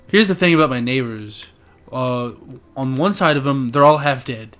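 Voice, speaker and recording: A man's voice: mid-range voice, lively intonation, normal speed, a bit bright. A young man chatting casually as a podcast co-host, joking crudely and laughing often.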